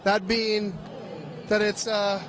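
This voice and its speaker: A man's voice: sits high, level tone, slow, a crowd in the background, noisy background. A man hosting a live stream, walking through a busy convention hall and chatting casually, joking and swearing as he goes. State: tired, a bit out of breath. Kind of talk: casual walk-and-talk chat.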